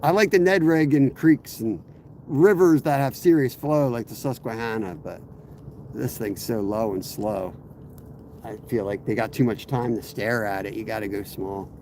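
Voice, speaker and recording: A man with a cold-roughened, hoarse voice talks easily to his live audience while he fishes from a kayak. His pitch sits in an ordinary middle range, and he rambles from tip to tip. Faint water and boat noise hums behind him outdoors. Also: moderate pace. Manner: rambling, relaxed, greets viewers by name. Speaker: fishing streamer. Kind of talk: casual live-stream chat while fishing.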